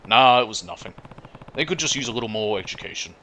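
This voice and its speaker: A man's voice: lowish voice, lively intonation, fast, pushed and bright, a little hiss or hum, low-quality recording. Kazuma Kiryu, a man reading a stern yakuza chairman. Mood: calm.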